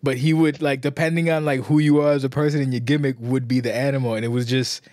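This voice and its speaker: A man's voice: medium pitch, steady tone, quick pace, darkish tone, no room sound, studio quality. Laid-back, foul-mouthed male podcast host. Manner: loose, profane, laughs often. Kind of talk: casual chat.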